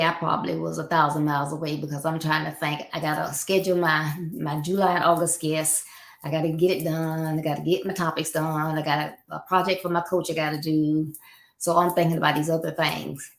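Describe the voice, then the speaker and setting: A woman's voice: fairly low pitch, a bit bright. A woman hosting a live coaching show, talking casually to her viewers and teasing them while she acts out little scenes. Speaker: life coach and show host. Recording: roomy echo.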